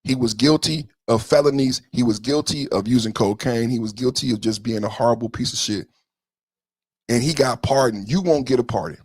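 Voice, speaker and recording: A man hosting a podcast livestream, ranting about politics in a combative, profane way, scolding his chat and repeating points for emphasis. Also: no room sound. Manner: emphatic repetition, swings between loud and low. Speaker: podcast host.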